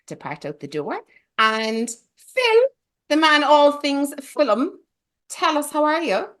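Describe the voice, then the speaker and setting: A woman's voice: high voice, very animated, takes it slowly, a bit bright. A woman hosting a casual film podcast, playful and teasing, with theatrical asides. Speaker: podcast host.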